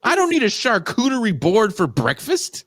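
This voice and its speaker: A man's voice: high voice, huge pitch swings, moderate pace, a bit bright, no room sound. A man with a Californian accent, co-hosting a casual podcast chat and ranting with profane mock outrage. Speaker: podcast co-host.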